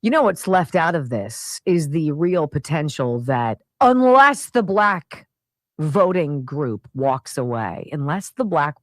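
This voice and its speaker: Fiery, animated woman radio host. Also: deep voice, slow pace, no echo, studio quality. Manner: indignant, animated ranting. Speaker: radio talk show host. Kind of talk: opinion talk radio monologue.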